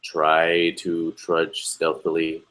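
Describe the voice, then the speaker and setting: Male player, very deep, hesitant and stammering. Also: monotone, very slow, a bit bright. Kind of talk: casual tabletop play.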